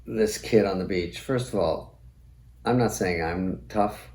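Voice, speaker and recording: A middle-aged man hosts a comedy show with a sardonic, profane monologue. His voice sits on the low side. The sound carries a roomy echo. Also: measured pace, darkish tone. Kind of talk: comic monologue.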